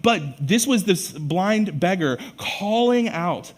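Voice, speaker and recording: A man preaching a sermon as pastor, telling the story in an animated way and acting out the voices with loud bursts of emphasis. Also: high voice, slow pace. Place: church sanctuary.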